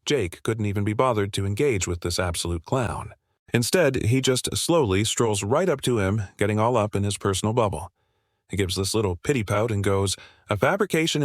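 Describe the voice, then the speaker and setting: Low-voiced gossipy recap narrator, man. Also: moderate pace, no echo, studio quality. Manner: breathless, gossipy, heavy slang. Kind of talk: slangy scripted story recap.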